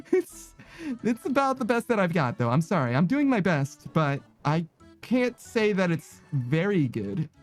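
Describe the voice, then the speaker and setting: A man chats loosely with his stream viewers as he plays, his voice sitting a little high for a man. He rambles, second-guesses himself and breaks into laughter often. Faint music plays underneath. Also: sing-song, unhurried. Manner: giggly, rambling, self-conscious. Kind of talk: casual chat with viewers while gaming.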